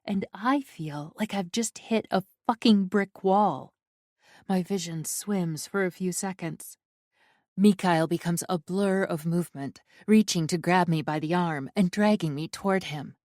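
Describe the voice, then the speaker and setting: A woman narrating a first-person romance audiobook in an intimate, unhurried storytelling manner. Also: on the low side, darkish tone, no echo, studio quality.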